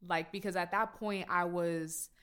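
A woman's voice: fairly low pitch, steady tone, a little slow, a bit bright, smooth. A woman talking casually and reflectively about her life as a mother. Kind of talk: casual chat.

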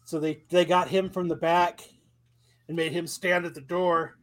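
A man with a high voice hosts a casual podcast, teasing his co-hosts in an upbeat way. He steers the talk along. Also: little pitch movement, measured pace, a bit bright. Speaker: podcast host. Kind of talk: casual chat.

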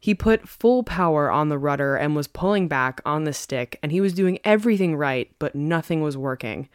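A woman's voice: low voice, animated, moderate pace, clear, resonant tone, no room sound, clean studio sound. A woman hosting a podcast, telling a story in a chatty, casual way and laughing often. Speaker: podcast co-host.

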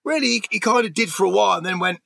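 A man's voice: high voice, racing, vocal fry, pushed and bright, no echo. A middle-aged man from England telling his life story in a candid, rambling interview, swearing freely and restarting his sentences. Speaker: interview guest.

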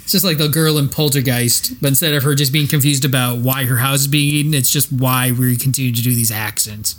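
A man's voice: mid-range voice, steady tone, brisk, fairly bright tone, a little hiss or hum. A man chatting casually on a podcast, rambling and joking with frequent laughs. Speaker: podcast co-host. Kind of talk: casual chat.

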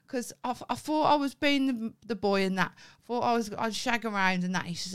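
A woman co-hosting a podcast speaks with a clear, resonant tone, on the high side, at a moderate pace with few pauses. Her casual storytelling is animated, freely profane, and full of acted-out quoted dialogue.

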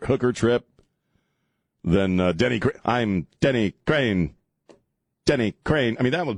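Lively joking talk radio host, dry studio sound. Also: male voice, mid-range voice, dry recording. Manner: rambling, joking, chuckling often. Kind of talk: casual on-air talk radio banter. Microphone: studio broadcast mic.

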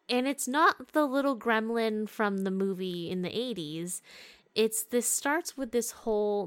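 Candid young woman podcast host. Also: medium pitch. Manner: candid storytelling with frequent laughs and swearing. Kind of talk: casual podcast chat.

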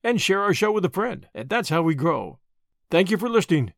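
A man reading a story aloud as the host of a podcast of readings. His voice is slightly high and moves with lively expression. The recording is close and dry, with no room sound. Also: fairly quick, gravelly, no room sound. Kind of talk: audiobook narration.

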